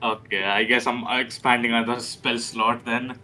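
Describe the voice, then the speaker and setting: Bright-voiced, flustered male player. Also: mid-range voice, flat delivery, normal speed, faint music behind. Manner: flustered, stammering. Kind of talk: tabletop game chat.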